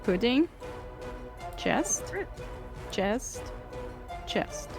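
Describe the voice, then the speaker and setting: A woman playing a tabletop game, calmly calling out her rolls. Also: mid-range voice, drawn-out words, over music. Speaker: player. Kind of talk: casual play at the table.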